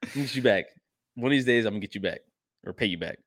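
Racing along in a fairly low, slightly bright voice with lively intonation, this young man co-hosts a podcast. His banter is casual and jokey, full of rambling asides and frequent laughter. He uses a desk mic and is sharing his screen.

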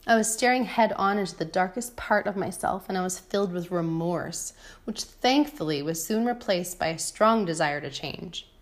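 A woman's voice: on the low side, moderate pace. A woman in her thirties, a mother, reading her own personal essay aloud in a frank, wry and irreverent way. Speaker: mother of a toddler.

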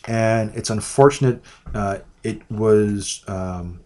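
A man co-hosting a casual movie review podcast, talking in rambling, halting bursts with frequent restarts. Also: on the low side, darkish tone. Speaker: podcast co-host.

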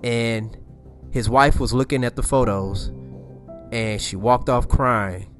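A man's voice: mid-range voice, takes it slowly. Man casually retelling a scary scene, faint music behind. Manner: rambling, repeats himself, slangy asides. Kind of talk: casual storytelling.

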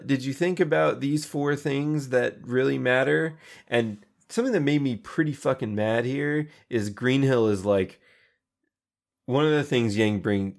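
A man's voice: mid-range voice, creaky. A man casually recapping an anime episode, acting out the characters' lines and swearing freely. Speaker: podcast co-host recapping an anime. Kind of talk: casual chat.

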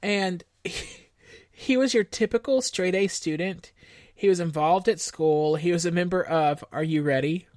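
Woman, podcast co-host, lowish voice, dry close sound, matter-of-fact and wry. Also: a little slow, darkish tone, dry recording. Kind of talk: casual true-crime chat.

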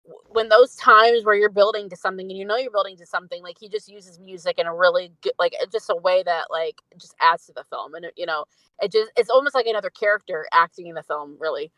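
On a podcast, a young woman co-host rambles through a casual film review chat, filling her talk with "like". Her medium-pitched voice is fast and fairly bright, with no echo but poor audio.

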